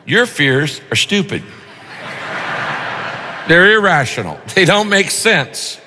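A male pastor delivers a sermon with a lively voice that swings up and down. His tone is bright and on the higher side. A long reverb rings around him from a large church hall. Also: takes it slowly, slight background noise. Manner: animated, punchy rhyming lines.

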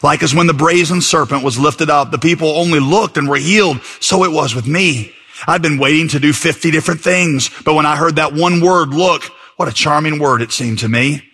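A man's voice: a little high, fairly quick, fairly bright tone, husky. A man preaching a sermon as pastor, conversational and reading passages aloud with fillers.

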